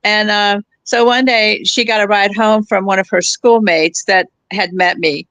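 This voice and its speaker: In an unhurried, mid-range voice with fairly even intonation, a woman in her seventies chats casually as a guest. A warm storyteller, she laughs easily and keeps restarting phrases as she recounts personal stories, in a dry recording.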